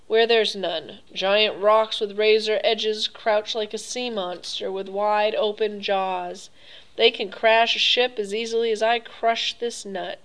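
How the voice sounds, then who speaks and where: Woman doing a smooth mocking old aristocrat, pleased with himself, cruel under the manners, audiobook. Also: mid-range voice, fairly even intonation, slow pace, a bit bright, low-quality recording. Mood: pleasant, menacing. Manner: urbane, mocking, coolly pleased. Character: suave, cruel older male aristocrat hunter. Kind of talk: audiobook reading.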